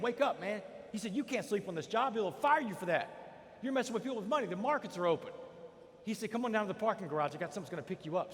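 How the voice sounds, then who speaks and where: A man in his forties with a Texan accent, giving a motivational speech and telling his life story with energetic, emphatic storytelling. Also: high-pitched. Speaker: motivational speaker. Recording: hall with long reverb.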